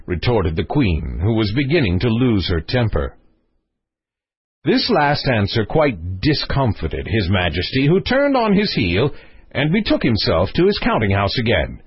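A man's voice: fairly low pitch, big pitch swings, measured pace, breathy edge, no echo. A man reading a storybook aloud as an audiobook narrator, telling it expressively, on a dull lo-fi recording.

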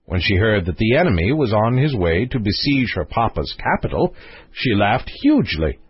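Husky, expressive male storyteller. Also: on the low side, moderate pace, dry recording. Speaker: audiobook narrator. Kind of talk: storybook narration. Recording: dry, slightly dull recording.

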